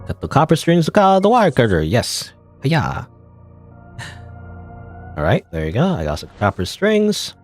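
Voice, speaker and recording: A man's voice: medium pitch, wildly swooping pitch, measured pace, long pauses, a little mellow, faint music behind. A man giving casual, playful commentary while playing an indie game, rambling and chuckling at the game. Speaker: gamer. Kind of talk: let's play commentary.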